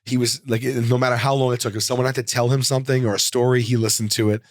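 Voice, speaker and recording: With a quick pace and a mid-register voice, the forties comedian guest unspools a long, animated story for his interviewer. Fillers and restarts keep pulling him back, all captured in a close, dry studio sound with almost no room echo.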